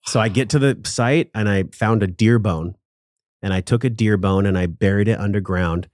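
A man's voice: on the low side, moderate pace, darkish tone, no room sound, studio quality. A man as a podcast guest, telling a personal story in an earnest, emotional, casual way with some swearing.

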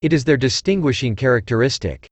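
A synthesized male voice reading the part of a witty, languid young gentleman with a dry, epigrammatic manner. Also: mid-range voice, lively intonation, quick pace, husky, no echo. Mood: ironic.

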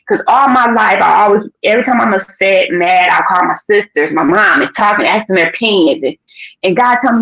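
Animated woman telling a faith story. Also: medium pitch, a little fast, creaky. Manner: animated storytelling, acting out quotes. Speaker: podcast guest. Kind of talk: casual testimony. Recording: dull lo-fi sound.

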